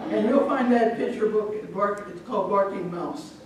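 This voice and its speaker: A middle-aged woman from Omaha telling a folk tale live to an audience, lively and chatty, with asides to the crowd. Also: mid-range voice, moderate pace, hardly any pauses. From Omaha, Nebraska. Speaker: storyteller. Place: large event hall. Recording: echoey hall from far off.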